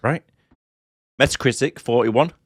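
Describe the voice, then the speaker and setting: A man's voice: medium pitch, unhurried, slightly rough, dry recording. A British man hosting a casual podcast, talking into a headset with dry, teasing humour. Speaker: podcast host.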